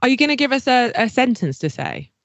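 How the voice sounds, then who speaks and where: A woman's voice: a little high, quick pace, no room sound. A woman co-hosts a casual podcast and plays along with a quiz. Her voice rises and falls a lot as she reacts. The audio is dry and a little lo-fi. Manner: expressive, reacts with gasps and laughs. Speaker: podcast co-host and quiz contestant.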